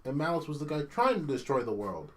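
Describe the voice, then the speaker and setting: A man's voice: on the high side, sing-song, fast talker, fairly bright tone. A young man casually chatting on a podcast, ranting with profanity and exasperation and doing mocking impressions of characters. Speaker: podcast co-host. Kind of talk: casual chat.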